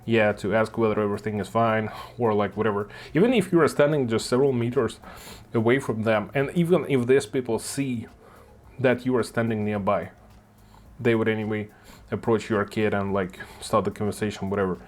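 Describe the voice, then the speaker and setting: A man's voice: lowish voice, steady tone, brisk. A man with a Russian accent, hosting a reaction video and chatting casually, thinking aloud with lots of fillers.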